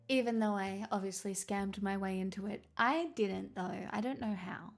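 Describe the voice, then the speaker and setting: A woman's voice: mid-range voice, moderate pace, vocal fry, hardly any pauses, soft background music. A woman livestreamer chatting casually with her viewers in a rambling, self-mocking way, full of fillers. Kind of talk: casual chat with stream viewers.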